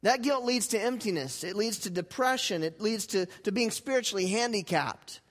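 A man preaching a sermon to his church, moving between loud emphatic passages and quiet, intense ones, and leading the congregation in call-and-response. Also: sits high, moderate pace. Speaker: pastor.

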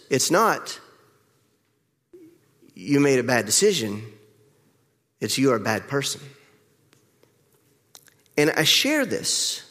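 A middle-aged male pastor preaching a candid, reflective sermon with pauses, heard with the long reverb of a church hall. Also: mid-range voice, a bit bright. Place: church sanctuary.

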